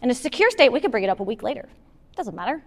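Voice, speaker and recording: High-pitched woman talking to a room of moms, animated, echo from a big hall. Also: racing. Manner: casual, animated, acts out quoted partners. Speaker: speaker at a moms' group talk. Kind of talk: live talk with audience questions. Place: meeting hall with an audience. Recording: long hall reverb.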